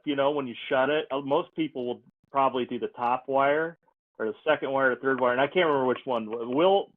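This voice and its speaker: Folksy American host on a tinny line. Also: male voice, mid-range voice, no room sound. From ranch in the Nebraska Sandhills. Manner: folksy, joking, questions with fillers. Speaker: podcast host. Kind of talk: casual podcast chat. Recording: tinny phone-like line, dry.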